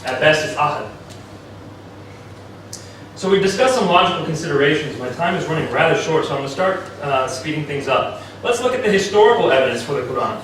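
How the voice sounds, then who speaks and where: A man giving a formal debate speech, arguing and citing sources one after another, with his pitch jumping up on key points. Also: animated, a bit bright, slight background noise. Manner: argumentative, citing sources in quick succession. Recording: echoey hall, distant mic.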